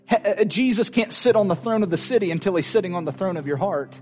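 A man's voice: a little high, lively intonation, brisk, a little mellow, soft background music. A man preaching a sermon in church, fervent and emphatic, repeating his lines for force. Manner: fervent, emphatic, repetitive exhortation.

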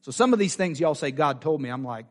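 Male pastor, fairly high voice, animated sermon delivery with repetition and acted-out quotes. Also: fast talker. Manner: animated preaching, acts out quoted voices, repeats phrases. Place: church sanctuary.

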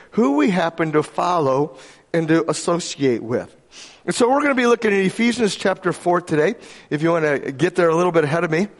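A man from Michigan preaching a sermon to a congregation in a conversational, joking way, often asking his listeners questions. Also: high voice. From Michigan, USA. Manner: conversational, jokey, asks the audience questions. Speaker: pastor. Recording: long reverb of a large hall.

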